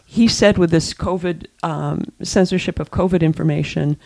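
Gravelly-voiced woman talking emphatically. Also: lowish voice, normal speed, a little mellow. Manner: emphatic, repeats herself, many restarts. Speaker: co-host and columnist. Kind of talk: casual political chat.

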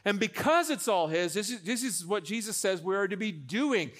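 A young adult man preaching a sermon as pastor, animated, with joking asides, repeating phrases for emphasis. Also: sits high, moderate pace.

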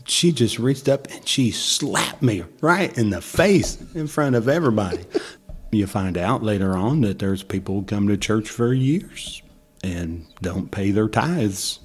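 A husky man telling folksy church stories, laughing often. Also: lowish voice, expressive, measured pace. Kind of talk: casual storytelling.

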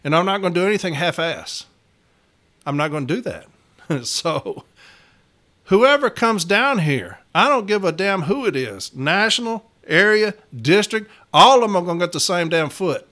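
Man, slightly high-pitched, union steward type, casual storyteller: blunt, salty, emphatic, talks straight to his viewers. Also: big pitch swings, normal speed, bright, forceful tone. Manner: folksy, addresses listeners as y'all.

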